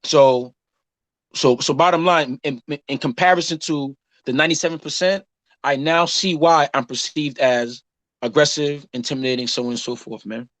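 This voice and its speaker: A man's voice: fairly high pitch, moderate pace, dry recording. A man in his thirties co-hosting a casual chat show, telling stories and acting out the people he quotes. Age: 30s. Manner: animated storytelling, acts out quotes. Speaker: podcast co-host.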